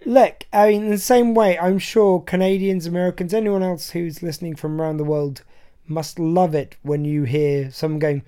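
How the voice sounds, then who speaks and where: A woman's voice: on the low side, normal speed, mellow. A woman from Britain hosting a podcast in a chatty, self-deprecating casual manner. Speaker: podcast host. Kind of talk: casual chat.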